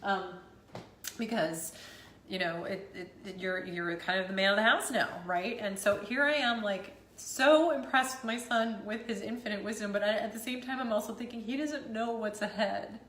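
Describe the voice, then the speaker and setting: A woman's voice: mid-range voice, moderate pace, fairly bright tone, reverberant. A woman in her thirties, a mother vlogging about a hard day, emotional and rambling, teary and laughing at herself. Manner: tearful, rambling, self-deprecating, laughs through it. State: teary after crying. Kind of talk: emotional personal vlog.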